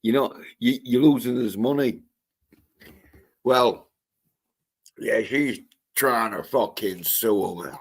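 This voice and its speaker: Slow-talking man ranting profanely. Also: on the low side, animated. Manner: profane, ranting, halting with restarts. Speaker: livestreamer. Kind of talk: solo livestream rant.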